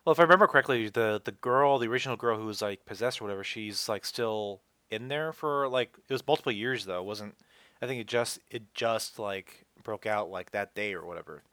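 A young man co-hosting a casual podcast who tells animated stories and laughs often. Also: on the low side, a little fast, no room sound. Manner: animated storyteller, laughs often, acts out yells. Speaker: podcast co-host. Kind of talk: casual chat.

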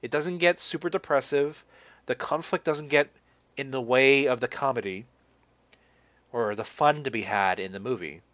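A man's voice: medium pitch, moderate pace, a bit bright, no echo. A young man chatting casually about movies as a podcast co-host, rambling with lots of fillers and restarts.

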